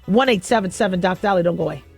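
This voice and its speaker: A middle-aged woman hosting a talk radio show, telling a story in a lively way and acting out both sides of a phone call. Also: fairly low pitch, racing, breathy edge, soft background music. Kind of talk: casual talk radio monologue. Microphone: studio microphone.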